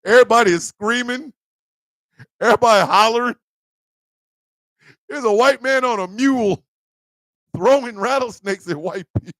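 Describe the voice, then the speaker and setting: A male host in a profane, loud comedic live-stream rant who laughs often. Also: very high-pitched, normal speed, long pauses, no room sound.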